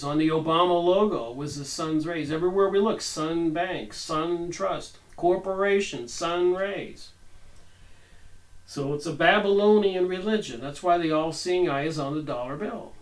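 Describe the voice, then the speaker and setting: A man's voice: on the high side, unhurried, far from the mic, low-quality recording. A man hosting a book review, reading passages aloud and adding his own conversational, rambling asides. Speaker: channel host reviewing a book.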